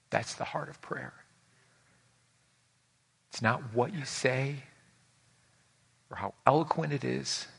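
A male pastor in his forties delivers a conversational sermon in a gravelly, bright voice. He acts out the people in his stories and swings from loud, lively moments to hushed ones. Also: fairly low pitch.

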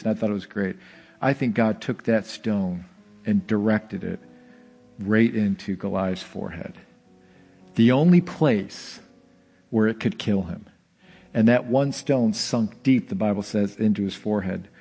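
A man preaching a sermon, telling a scripture story in an animated way, with bursts of excitement and dramatic slowdowns. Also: fairly low pitch. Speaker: pastor.

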